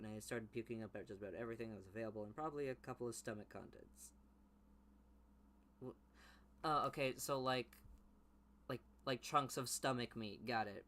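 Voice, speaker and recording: Homem lendo texto antigo e zombando. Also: male voice, mid-range voice, a little hiss or hum. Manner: flat mumbled reading broken by loud mocking outbursts. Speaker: YouTuber reading his childhood writing. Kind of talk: comic reading with commentary.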